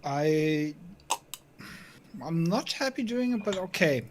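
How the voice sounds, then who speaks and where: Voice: medium pitch, lively intonation, slow, heavy background noise. A tabletop game player talking casually and cautiously, reasoning aloud. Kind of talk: casual in-character table talk.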